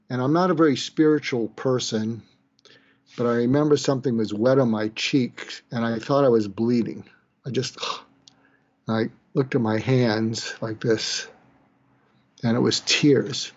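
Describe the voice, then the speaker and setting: An older man, a psychiatrist from the East Coast, tells a moving personal story in a halting way, with sighs, restarts and quiet moments. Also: mid-range voice, dull audio. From Boston, East Coast US. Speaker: psychiatrist telling his story. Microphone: webcam or video call.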